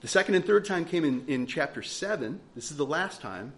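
Lively, emphatic preacher man. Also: on the high side, fairly quick. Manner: rhetorical questions, emphatic and earnest. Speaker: pastor. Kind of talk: sermon.

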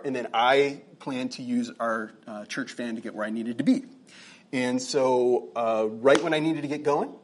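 A man's voice: medium pitch, breathy edge. A middle-aged man, a pastor telling a personal story in a conversational sermon, full of fillers and restarts. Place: church meeting room.

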